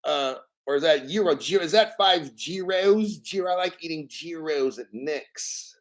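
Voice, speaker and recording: A man hosting a crypto video channel, talking in a brash, profane, jokey way and stressing words by saying them slowly. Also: a little high, expressive. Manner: emphatic, repeats words slowly. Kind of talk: casual crypto vlog commentary.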